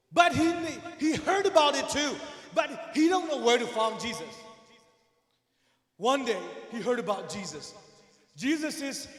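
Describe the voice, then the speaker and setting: A man teaching children a Bible story, animated and often shouting, asking them questions along the way. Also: extremely high pitch. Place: church hall. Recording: echoey hall with long reverb.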